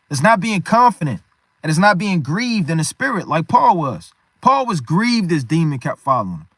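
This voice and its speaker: A man's voice: a little high, fairly bright tone, no echo. A man preaching a sermon in an emphatic, repetitive way, often tagging his phrases with "man".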